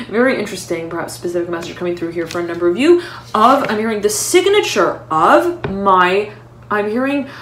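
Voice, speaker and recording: A woman giving an intuitive tarot reading at home, talking haltingly and often pausing to say she is "hearing" words. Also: mid-range voice, a little hiss or hum. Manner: halting, keeps repeating "I'm hearing" between words. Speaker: tarot reader. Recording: roomy echo.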